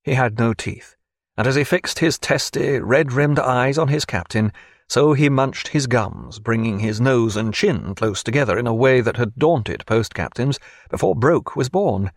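A man narrating an audiobook in an expressive, measured storytelling manner. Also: mid-range voice, no room sound, studio quality.

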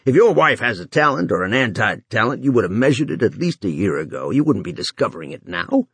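Man voicing a gruff tired boss, curt, biting, husky, dry. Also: on the low side, very animated, fast, no echo, full character voice. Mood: irritated. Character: tired, gruff middle-aged male company boss.

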